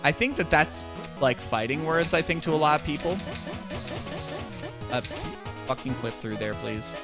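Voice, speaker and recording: Lively chatty streamer over game music. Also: medium pitch, normal speed. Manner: chatty, swears, breaks into joking song. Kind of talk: casual chat while speedrunning.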